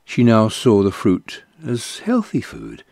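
A man giving a slow, measured scripted reading of a Bible passage. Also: on the low side, wildly swooping pitch, vocal fry, a little mellow, no echo, clean studio sound. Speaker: scripture reader.

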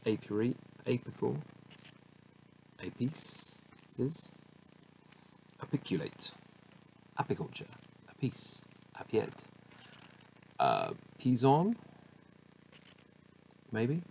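A man's voice: medium pitch, gravelly, a little mellow, low-quality recording. A man reading dictionary entries aloud one by one, stumbling over pronunciations and muttering asides to himself. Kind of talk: casual word-by-word reading. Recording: faint background noise.

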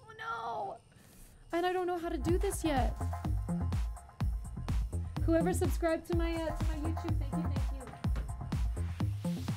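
Loud music plays behind a woman whose voice is extremely high-pitched, a little slow, and marked by long pauses. She's live-streaming a game, cursing and panicking in fights and chatting with viewers between them, thanking and talking to them.

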